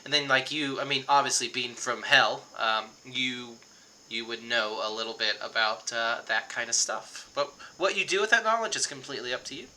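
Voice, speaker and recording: A man's voice: mid-range voice, normal speed, sharp tone, slight background noise. A man running a tabletop game as game master, chatty and loose with many fillers.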